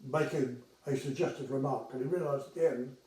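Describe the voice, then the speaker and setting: A man's voice: mid-range voice, steady tone, a little fast, warm tone, reverberant, far from the mic, poor audio. An older man casually telling stories from his career, chatty with hesitations and acted-out dialogue. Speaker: retired air traffic controller telling anecdotes. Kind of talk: casual storytelling.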